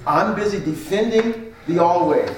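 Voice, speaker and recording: A man's voice: sits high, unhurried, slight background noise. A man preaching as a pastor, teaching on marriage and acting out both sides of an argument with repeated phrases. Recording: echoey hall, mic at a distance.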